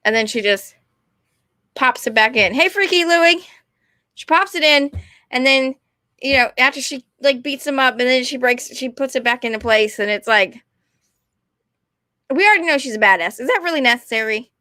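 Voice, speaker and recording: A woman, rambling and animated as she chats casually to her stream viewers. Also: fairly high pitch, moderate pace, long pauses, no echo, studio quality. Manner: rambling, animated, talks to chat. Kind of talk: casual ranting chat to viewers.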